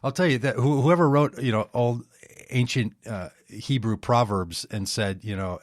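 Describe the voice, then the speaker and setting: A man's voice: medium pitch, expressive, moderate pace, no room sound, studio quality. A man talking about faith and politics in a casual conversation, rambling with many restarts and asides.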